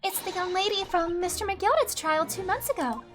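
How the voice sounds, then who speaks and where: A woman's voice: extremely high pitch, moderate pace, fairly bright tone, voice pushed up. A woman doing a polite, eager young assistant. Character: polite young female assistant, bright and curious.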